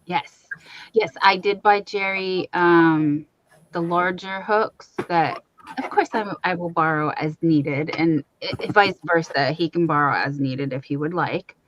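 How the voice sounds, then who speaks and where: A woman's voice: fairly low pitch, a little slow. A woman hosting a crochet livestream from her home, chatting casually and reading out viewer comments. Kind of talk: casual chat to a live audience.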